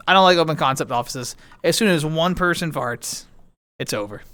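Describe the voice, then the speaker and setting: A man's fairly high, pushed and bright voice moves at a moderate pace as he streams from home. Chatty and playful with bouncy intonation, he talks casually with viewers and reads their messages.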